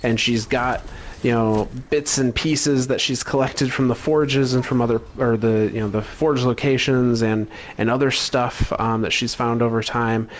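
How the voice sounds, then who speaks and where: A man co-hosting a casual podcast, calmly summarizing game lore with frequent fillers. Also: medium pitch, moderate pace. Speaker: podcast co-host.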